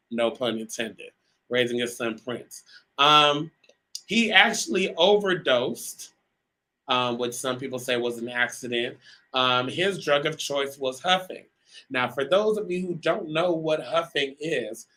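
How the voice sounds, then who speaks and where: A man's voice: mid-range voice, bright, forceful tone, poor audio. A man hosting a live talk show, chatting straight to his viewers with lots of ums. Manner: chatty, addresses viewers directly, many um fillers.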